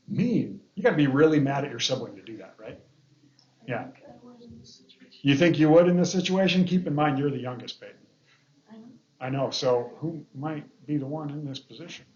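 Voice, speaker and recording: A man's voice: on the high side, a little mellow, echoey room, highs cut off, slight background noise. A man, a pastor, leading a casual Bible study lesson, reading scripture aloud and breaking off for joking asides and questions to the group.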